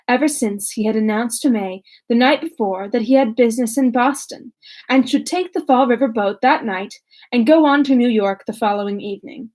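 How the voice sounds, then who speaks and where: A woman's voice: a little high, a little mellow. A young woman who chats casually and self-mockingly with many fillers, then reads a classic novel aloud. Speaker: audiobook reader.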